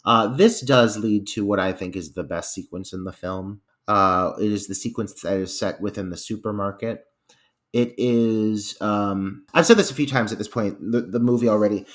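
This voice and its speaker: Low-voiced man musing on a film. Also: moderate pace. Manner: thoughtful, hesitant, with fillers and restarts. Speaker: podcast co-host. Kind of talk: casual film review chat.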